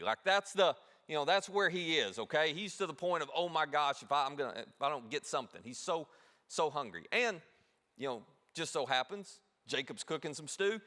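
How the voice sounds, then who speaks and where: A man preaching a sermon as pastor, telling a story with animated delivery and asking the audience questions. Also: on the high side. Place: large church hall. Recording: long reverb of a big hall.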